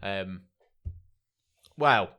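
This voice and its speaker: A man's voice: deep voice, drawn-out words, bright, forceful tone. A man, co-hosting a casual podcast and reading out entertainment news. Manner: chatty, reads out news items. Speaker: podcast co-host. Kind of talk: casual chat.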